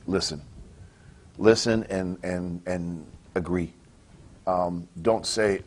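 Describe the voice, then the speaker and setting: Speaking slowly, a lowish-voiced wrestler from Canada gives casual, profane interview answers, cursing almost every sentence. He's blunt and unpolished, tripping over restarts in a loose, unscripted way.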